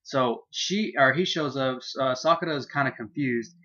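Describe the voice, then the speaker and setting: A man giving a casual manga chapter review, excitable and profane, laughing as he loosely retells scenes. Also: medium pitch, normal speed, muffled recording.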